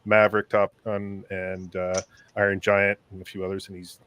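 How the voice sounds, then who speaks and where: A man's voice: deep voice, little pitch movement, normal speed, a bit bright, slight background noise. A man chatting casually as a panel guest, easygoing and rambling. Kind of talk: casual livestream panel chat.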